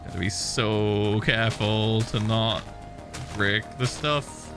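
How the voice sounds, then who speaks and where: British man chatting slowly over music. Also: lowish voice, fairly even intonation. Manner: hums and scats while playing, swears freely. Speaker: streamer. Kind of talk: casual gaming stream chat. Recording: background music under voice. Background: game music.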